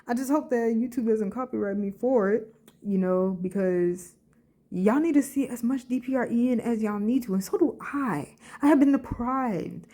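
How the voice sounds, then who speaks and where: A woman's voice: on the high side, normal speed, dark tone. A woman vlogger giving casual, rambling reaction commentary into her phone, short of breath and emotional, full of fillers.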